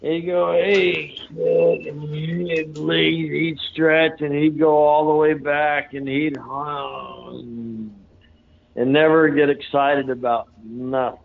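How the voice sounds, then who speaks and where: A man's voice: a little high, flat delivery, slow pace, gravelly. A man telling stories in a loose, rambling way with plenty of fillers, as an interview guest. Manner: rambling, folksy, lots of fillers. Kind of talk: casual storytelling. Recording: phone-like narrow sound.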